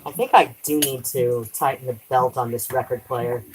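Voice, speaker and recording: A woman with a low voice chats on a live stream from her kitchen while she does the dishes. She rambles from thought to thought, trails off mid-sentence and swears lightly. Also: steady tone, moderate pace, low-quality recording.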